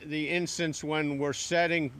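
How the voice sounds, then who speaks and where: A man explaining how oyster cages get set in the water, halting and repeating words as he works it out. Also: on the high side, little pitch movement, fairly bright tone, a little hiss or hum. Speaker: oyster farm worker. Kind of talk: explaining equipment.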